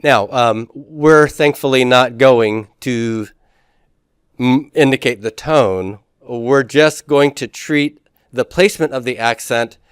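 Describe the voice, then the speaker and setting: A man teaching a classroom lecture in a relaxed way, with frequent fillers and restarts. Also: medium pitch, takes it slowly, clear, resonant tone, no room sound, studio quality.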